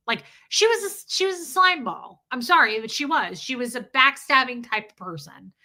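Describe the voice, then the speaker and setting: A woman's voice: high-pitched, lively intonation, normal speed, hardly any pauses, sharp tone. A middle-aged woman hosting a casual livestream, chatting bluntly, swearing freely and reading viewer comments aloud. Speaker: livestream host.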